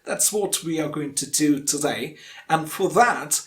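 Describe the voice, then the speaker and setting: A man with an Indian English accent teaching an English pronunciation lesson, speaking slowly and deliberately and repeating key terms. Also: a little high, lively intonation. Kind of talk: spoken lesson.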